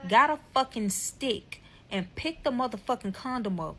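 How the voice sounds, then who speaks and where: A woman telling a dramatic personal story in a casual, profane, animated way, speaking straight to her viewers. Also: medium pitch, moderate pace, slightly rough.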